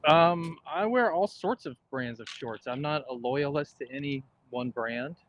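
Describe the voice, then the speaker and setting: A man's voice: fairly high pitch, unhurried, highs cut off. Dry-voiced man co-hosting a golf stream. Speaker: livestream golf co-host. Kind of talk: casual live-stream chat. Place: outdoors on a golf course.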